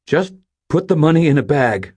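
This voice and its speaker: A man voicing a nervous sixteen-year-old boy robbing a store, shouting with a cracking voice. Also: on the high side, big pitch swings, normal speed, husky, pitched above the performer's own voice. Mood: commanding.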